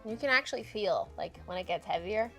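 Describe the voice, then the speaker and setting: A woman's voice: medium pitch, lively intonation, a little fast, faint music behind. A woman hosting a cooking show, chatting playfully through a casual baking demonstration and filling her speech with fillers.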